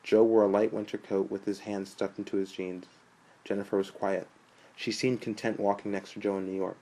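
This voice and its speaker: A man reads a novel aloud in a steady, storytelling manner. His voice sits low and calm throughout the narration. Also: fairly quick, low-quality recording. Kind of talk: audiobook narration.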